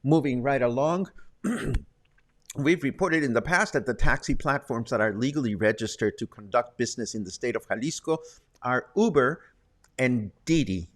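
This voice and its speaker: A man hosts a relaxed local news show in a chatty, conversational way. He drops wry little asides between the headlines. His voice sits at an ordinary middle pitch. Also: moderate pace. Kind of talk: casual local news roundup. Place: Puerto Vallarta, Mexico.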